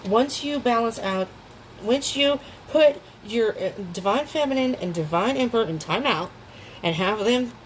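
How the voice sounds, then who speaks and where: A woman's voice: fairly high pitch, lively intonation, moderate pace, slight background noise, poor audio. Chatty woman reading tarot cards. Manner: chatty, emotional, laughs often, restarts sentences. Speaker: tarot reader.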